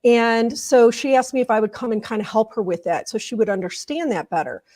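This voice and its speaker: A woman's voice: a little high, a little fast, a little mellow. A woman guest in an interview, retelling a conversation step by step. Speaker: guest, culture change consultant. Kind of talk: storytelling in an interview.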